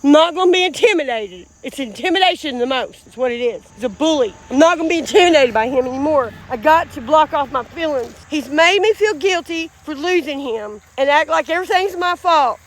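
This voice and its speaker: High-voiced, blunt, fired-up woman. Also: expressive, fairly quick, hardly any pauses. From Indiana. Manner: blunt, profane, fired-up and repetitive. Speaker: vlogger in recovery. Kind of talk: emotional straight-to-camera vlog. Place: outdoors in a rural field.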